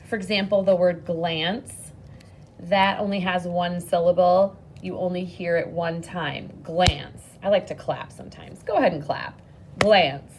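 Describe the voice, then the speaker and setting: A woman teaching a phonics lesson to children on video, patient and encouraging, speaking slowly and clearly. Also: medium pitch, a little hiss or hum.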